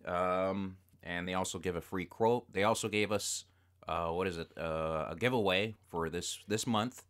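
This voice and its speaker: A man's voice: low voice, moderate pace. A man co-hosting a casual podcast, rambling, swearing and getting worked up as he talks. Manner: profane, rambling, excitable. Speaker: podcast co-host.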